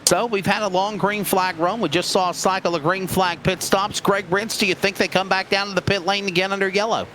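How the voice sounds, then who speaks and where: A man calling a sim race as lead commentator, with excitable play-by-play and quick reactions. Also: high-pitched, slight background noise.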